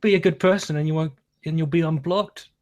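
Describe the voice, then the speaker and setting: A man's voice: a little high, fairly even intonation, a little fast, a little mellow. Teasing male host on a video call. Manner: teasing, joking. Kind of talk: casual chat.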